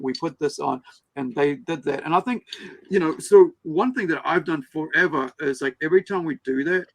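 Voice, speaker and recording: A New man hosts a relaxed livestream chat over a video call, his voice sitting a little high with a gravelly edge. He tells his stories in an animated way. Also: poor audio. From New Zealand. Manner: animated storyteller, acts out quoted people. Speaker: host.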